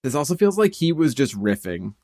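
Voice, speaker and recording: A man's voice: mid-range voice, sing-song, a little fast, a little mellow. A man co-hosting a podcast in casual chat, musing aloud and swearing casually. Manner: swears casually, muses with many "like" fillers. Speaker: podcast co-host.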